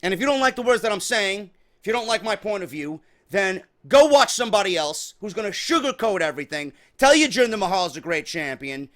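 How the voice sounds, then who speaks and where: A man with a rather high-pitched voice delivers a fired-up rant on his own show. He is angry and heated, and he swears freely as he hammers his points home. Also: lively intonation, a little fast, few pauses, a bit bright. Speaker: wrestling commentary host. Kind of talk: ranting opinion vlog.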